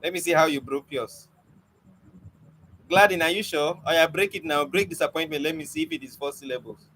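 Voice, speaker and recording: A man's voice: a little high, fairly quick, a bit bright, slight background noise, low-quality recording. Man teaching an online poetry class. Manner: coaxing, questioning students, lightly teasing. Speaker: poetry mentor.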